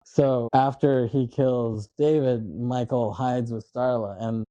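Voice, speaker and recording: Man, podcast co-host, casual film recap, rambling, very mellow voice, dry close sound. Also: medium pitch, steady tone, dry recording, lo-fi sound. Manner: rambling, acts out lines in quick voices, laughs often.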